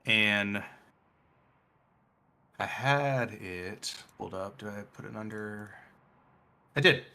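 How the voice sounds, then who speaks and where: A man's voice: fairly low pitch, takes it slowly, pushed and bright. A man narrating a tabletop game as game master, hesitant with many fillers and frequent laughs.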